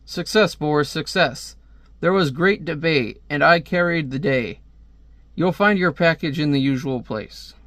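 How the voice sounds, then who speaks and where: Smug villain boss read slow and a bit high, by a guy reading a comic aloud. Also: a bit bright, dry recording, studio quality.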